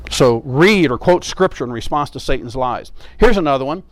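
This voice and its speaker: A man's voice: mid-range voice, lively intonation, moderate pace. A man preaching a sermon in an earnest way, repeating his key phrases for emphasis.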